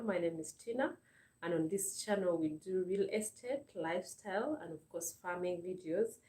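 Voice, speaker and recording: A Ugandan woman chats on her live stream in a low, mellow voice, earnest and grateful, often repeating words. The sound is roomy and she sits a little back from the mic. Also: far from the mic. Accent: Ugandan English. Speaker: channel host. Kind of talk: casual live-stream chat.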